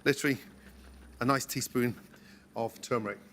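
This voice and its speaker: A man demonstrating a recipe step by step in a relaxed, encouraging way, as on a cooking show. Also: medium pitch, normal speed, slight background noise. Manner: relaxed, encouraging, talks through each step.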